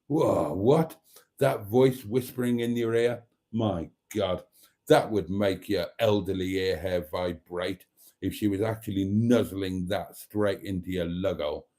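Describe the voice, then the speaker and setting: Indoors at home, a man with a low, mellow voice streams live through his phone, unhurried. He reads out viewer comments, chatting cheekily and wandering off topic.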